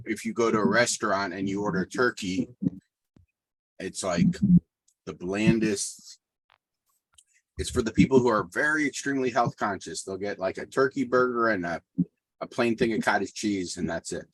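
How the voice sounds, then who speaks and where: A man with a somewhat low voice chats on a video call. He talks about food with relaxed enthusiasm, and the sound is dry and close, with no room echo. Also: fairly quick. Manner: chatty, enthusiastic food talk, sometimes talking with his mouth full. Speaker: home cook on a group cooking call. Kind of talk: casual chat.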